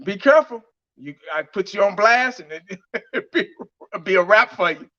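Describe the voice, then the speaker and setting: A man's voice: high-pitched, lively intonation, moderate pace, bright, forceful tone. A man giving blunt, heated fan commentary on his vlog, laughing mockingly as he rants. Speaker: fan vlogger. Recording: dull lo-fi audio.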